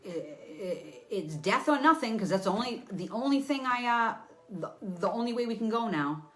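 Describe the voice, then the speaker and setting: A woman psychic medium giving a live reading for viewers. She is animated, blunt and profane, acting scenes out with sound effects and talking to an unseen listener. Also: on the high side, normal speed.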